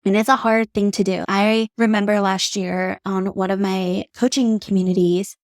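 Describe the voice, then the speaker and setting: A woman's voice: mid-range voice, flat delivery, normal speed, a little mellow, dry recording, clean studio sound. A young adult woman hosting her own podcast, telling personal stories in a candid, heartfelt way with casual swearing. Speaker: podcast host, beauty artist. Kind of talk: solo podcast monologue.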